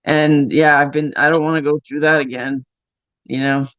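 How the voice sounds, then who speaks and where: A chatty man rambles through stories on his livestream, peppering them with casual swearing. His voice sits a little high for a man. The sound is dull and lo-fi, with a close, dry feel and no room echo. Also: flat delivery, moderate pace. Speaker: streamer.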